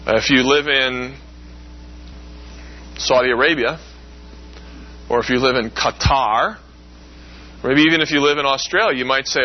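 A man lecturing in a relaxed, conversational way, explaining with everyday comparisons. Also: medium pitch, unhurried, pauses often, dull audio. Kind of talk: classroom lecture.

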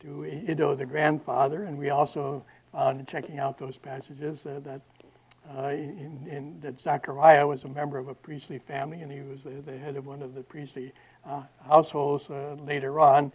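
A man giving a classroom Bible lecture, halting often with fillers and restarts. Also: fairly high pitch, little pitch movement, breathy edge. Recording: dull lo-fi lecture recording.

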